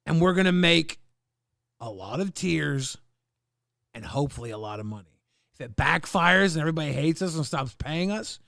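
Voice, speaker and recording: Gravelly, bright-voiced man joking around. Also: a little high, dry recording, studio quality. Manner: rambling, joking, swearing. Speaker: co-host. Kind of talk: casual livestream chat.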